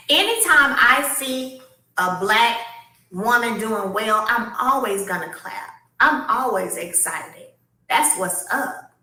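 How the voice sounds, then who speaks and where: This vlogger reads a castmate's messages aloud to her audience in a relaxed, emphatic way, going over her points again and again. Her voice is on the high side, bright and forceful, and sounds far from the mic in an echoey room.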